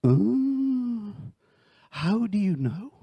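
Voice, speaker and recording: Guy preaching in church, high voice, slow and drawn out, keeps asking the crowd questions. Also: creaky, breathy edge. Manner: animated, asks the congregation questions, joking asides. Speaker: missionary preacher. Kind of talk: sermon.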